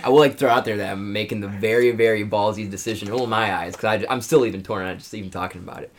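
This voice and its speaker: Deep-ish guy chatting fantasy football w/ friends, laughs a lot, bit of hiss. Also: fairly even intonation, quick pace. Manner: laughs often, chimes in. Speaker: podcast co-host. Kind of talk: casual sports chat.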